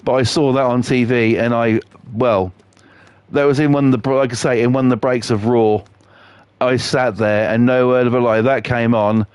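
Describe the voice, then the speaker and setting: A man's voice: medium pitch, fairly even intonation, normal speed, a little mellow, clean tone, dry recording. A man, chatting on a live game stream in a sweary, rambling, jokey way. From England. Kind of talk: casual chat on a live stream.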